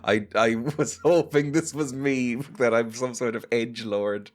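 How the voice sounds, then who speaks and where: A man's voice: mid-range voice, fairly even intonation, unhurried. A man playing a game and chatting casually, joking and laughing as he goes. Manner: chatty, jokey, laughs often. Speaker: let's play gamer. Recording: music playing behind.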